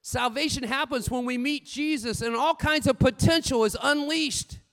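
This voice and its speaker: A man preaching a sermon with lively storytelling, swinging between loud bursts and hushed asides. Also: very high voice, moderate pace, long reverb tail.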